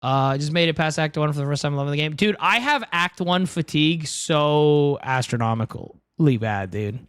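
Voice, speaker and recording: A man's voice: on the high side, animated, moderate pace, few pauses, a bit bright, smooth, dry recording. A young man streaming a game from home, chatting crudely and joking, saying dude a lot, close on a headset mic. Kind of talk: casual livestream chat while gaming. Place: home room.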